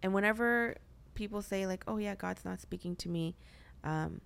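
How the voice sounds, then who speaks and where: A woman's voice: mid-range voice, normal speed, creaky, smooth. A young woman hosting a podcast, talking earnestly about faith in a chatty way, full of filler words. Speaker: podcast host. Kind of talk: casual faith discussion.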